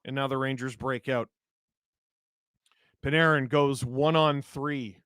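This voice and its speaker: Hosting a live hockey watch-along, a man with a hoarse voice roughened by a cold calls the action quickly and reads chat aloud, breaking into sudden excited shouts. His pitch is medium, and the recording is dry.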